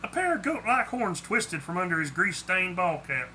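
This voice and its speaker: Here a man narrates a short story he wrote, delivering it plainly with a few small slips. He is high-pitched and very animated, keeping a moderate pace with a sharp edge to his tone, while the rough recording has some faint hiss or hum.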